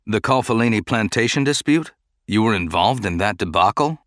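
This is a grieving male senator, bitter and indignant, in a storybook reading, as a man narrator voices him. The voice is low and close to the mic. The sound is dry. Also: expressive, normal speed, fairly bright tone, no room sound.

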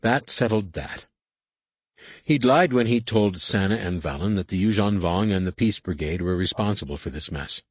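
A man narrating an audiobook with expressive storytelling intonation. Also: low-pitched, normal speed, slightly rough, no echo. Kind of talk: scripted narration.

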